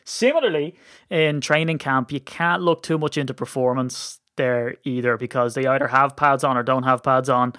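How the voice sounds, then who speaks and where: A man hosting a sports podcast in casual chat, jokey and teasing, feeling a bit rough. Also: mid-range voice, fairly bright tone, dry recording, studio quality. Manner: chatty, jokey, quick to tease. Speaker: podcast host.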